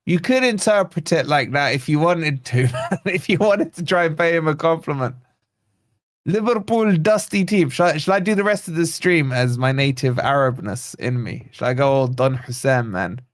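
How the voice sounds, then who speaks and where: A man's voice: fairly high pitch, moderate pace, no room sound, clean studio sound. A man hosting a live football watch-along, bantering and reading viewer comments aloud. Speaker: host of a football fan channel watch-along.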